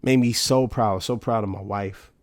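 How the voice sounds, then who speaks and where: This solo podcast host, a man in his thirties, has a lowish, darkish voice with fairly even intonation and a moderate pace. He talks casually but with emphasis, tossing out rhetorical questions, in a dry, studio-quality recording.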